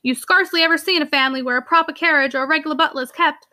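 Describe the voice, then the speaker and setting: Lady reading as a snooty preachy curate guy, bright and high. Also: rapid-fire. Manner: haughty, disdainful, preachy. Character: pompous thick-skinned male curate, condescending.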